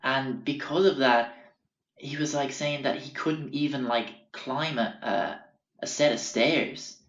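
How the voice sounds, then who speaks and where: A man's voice: medium pitch, takes it slowly, a bit bright. A man hosting a podcast, rambling through sweary anecdotes and acting out the people he quotes. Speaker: podcast host. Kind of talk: casual storytelling. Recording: roomy, dull lo-fi sound.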